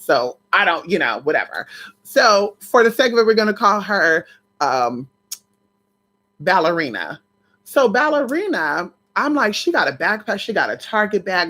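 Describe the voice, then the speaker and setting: A woman's voice: fairly low pitch, fairly bright tone. A woman vlogger chatting casually to her viewers, telling a story in colloquial, swear-laced speech.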